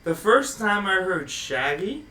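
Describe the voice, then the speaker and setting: A man from Los Angeles hosts a casual studio podcast in a high, sharp, very bright voice. He tells his stories animatedly and laughs as he goes. He sits back from the mic, and the studio sounds roomy around him. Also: very animated, unhurried, far from the mic. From Los Angeles, USA. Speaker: podcast host.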